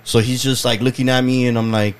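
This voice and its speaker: Brief: man, podcast co-host, lively storyteller, mid pitch, salty language. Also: fairly quick. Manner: animated storyteller, acts out customers, swears freely. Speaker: podcast co-host, collectibles seller. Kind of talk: casual chat.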